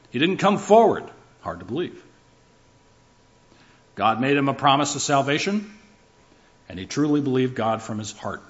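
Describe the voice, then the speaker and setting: A man's voice: mid-range voice, fairly bright tone, lo-fi sound. A man preaching a sermon, building his points through rhythmic lists and shifts in emphasis. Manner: emphatic, rhythmic lists with rising and falling delivery.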